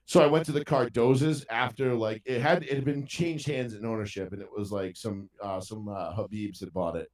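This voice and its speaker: A man's voice: lowish voice, a little fast, few pauses, darkish tone. A man telling a story in casual podcast chat, ranting with heavy profanity. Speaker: podcast co-host. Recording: roomy sound from a distant mic.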